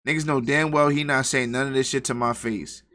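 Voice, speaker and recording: A young man hosting a livestream, giving slangy, profane reaction commentary with excitable outbursts. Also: mid-range voice, brisk. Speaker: livestream host.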